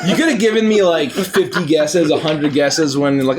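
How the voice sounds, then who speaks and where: High-voiced man, laughing player. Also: moderate pace, hardly any pauses, noisy background. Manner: laughing, rambling. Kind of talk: casual play chatter.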